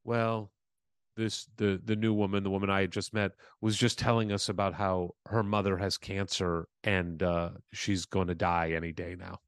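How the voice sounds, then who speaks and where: A man's voice: low-pitched, moderate pace, hardly any pauses, smooth, dry recording, studio quality. A man co-hosting a podcast, telling a story in casual chat and acting out the voices he quotes. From Southern California. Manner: animated, acts out quoted voices. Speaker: podcast co-host.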